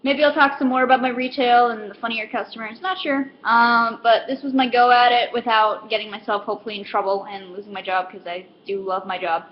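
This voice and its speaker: A woman in retail gives a casual comedic rant, rambling and self-deprecating, full of filler words. Her voice is fairly high. The recording is a bit dull and lo-fi, with faint noise underneath. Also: steady tone, fairly quick, hardly any pauses. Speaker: retail store worker.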